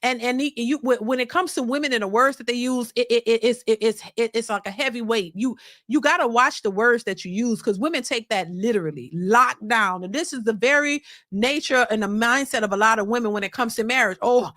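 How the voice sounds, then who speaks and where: A woman's voice: a little high, a little fast, a bit bright, no echo, clean studio sound. A woman hosting a casual reaction commentary, ranting emphatically with profanity and frequent repeated words. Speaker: host.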